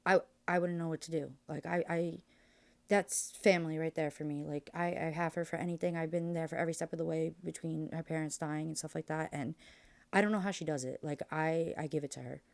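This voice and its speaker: A woman's voice: low voice, fairly even intonation, fairly quick, vocal fry. A young woman as a podcast guest, speaking candidly and emotionally, rambling with lots of fillers. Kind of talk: candid interview conversation.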